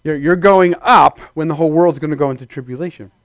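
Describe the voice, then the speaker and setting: A man's voice: on the high side, quick pace, no echo, dull audio. A man preaching a sermon to a congregation in a conversational, playful way, acting out little scenes in put-on voices. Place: church before a congregation.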